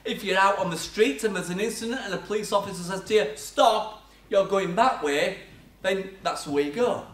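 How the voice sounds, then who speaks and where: Rattling along quickly with hardly any pauses, an older man with a high, fairly bright voice preaches in a church hall. He shares chatty stories about himself and laughs at his own expense, heard from far away through echoey church acoustics.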